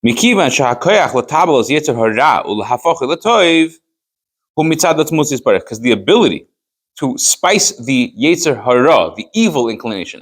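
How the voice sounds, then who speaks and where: A man teaching a text-class, with a mid-range voice. He reads lines aloud, translates them, and explains them with pointed rhetorical questions. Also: mid-range voice. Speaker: rabbi teaching a Chassidus class. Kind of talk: Torah study class, reading and translating a text.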